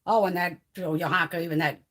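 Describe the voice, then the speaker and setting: A woman's voice: fairly low pitch, steady tone, fast, a bit bright. A woman hosting a casual livestream chat, ranting heatedly and swearing freely. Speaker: beauty vlogger hosting a livestream.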